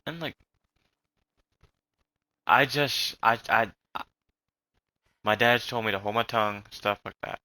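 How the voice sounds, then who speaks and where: A young man with a slight Southern accent rants loosely and swears often as he plays. His voice is bright and tense, and the recording is dry with no room sound. He talks in a rambling way and keeps restarting his sentences. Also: fairly low pitch, a little slow, long pauses, no room sound, low-quality recording. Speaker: vlogger. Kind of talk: rambling casual rant.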